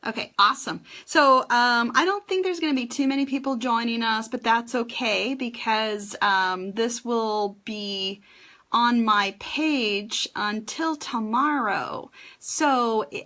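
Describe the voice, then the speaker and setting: A woman's voice: fairly high pitch, slow. A woman hosting her first live stream for an essential oils class, chatty and a little nervous, with many ums as she greets viewers. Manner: chatty, warm greetings to viewers, filler-heavy.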